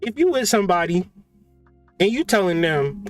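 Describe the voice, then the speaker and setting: A high-pitched man rants about spirituality with profane, mocking humor. He is animated and cuts in with sharp jabs. The sound is dry and close, with faint music underneath. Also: normal speed, no room sound. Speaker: host of a spiritual channel. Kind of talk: comedic spiritual rant.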